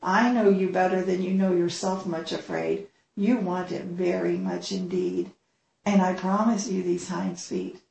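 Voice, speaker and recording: A cheerful, kindly male shepherd, as a woman reads him aloud. The lines come with warm good humor and a slight fry. The room gives the voice an echo. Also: fairly low pitch, expressive, measured pace.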